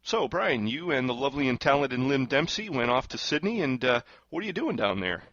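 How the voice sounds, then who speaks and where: Male talk radio host, dry close mic, bright edgy tone, smooth upbeat announcer style. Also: mid-range voice, animated, brisk, dry recording, dull audio.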